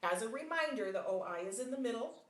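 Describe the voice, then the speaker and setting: Woman, phonics tutor, encouraging and deliberate; reverberant, distant recording. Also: a little high, expressive. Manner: patient, encouraging, with frequent praise; slow, deliberate sounding out of words. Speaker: phonics teacher. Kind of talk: one-on-one phonics lesson. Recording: roomy sound from off mic.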